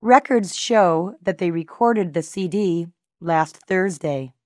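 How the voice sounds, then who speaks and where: Slow, deliberate woman reading a lesson. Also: on the low side, darkish tone, no room sound, clean studio sound. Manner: measured, carefully enunciated, pausing between words. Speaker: language teacher reading examples.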